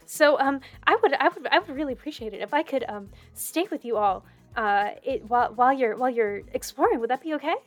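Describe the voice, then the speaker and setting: A woman's voice: high-pitched, lively intonation, quick pace, hardly any pauses, soft background music, voice pushed up. A woman voicing a nervous young village woman who rambles and stammers in a tabletop role-play game. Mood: eager.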